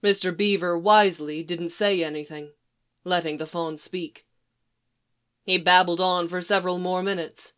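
A woman narrating a storybook in a measured, expressive way. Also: on the low side, smooth. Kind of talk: storybook reading.

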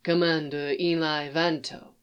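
A woman reading a story aloud and voicing a poised alien male statesman who speaks in a dry, measured, quietly amused way, in a slow, soft and slightly distant tone. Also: low voice, flat delivery, smooth, lo-fi sound. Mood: dryly polite.

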